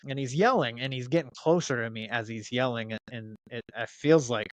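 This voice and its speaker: A man's voice: mid-range voice, a little fast, dry recording. A man in his thirties telling a story in casual chat, swearing freely and restarting his sentences with many fillers. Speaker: podcast guest.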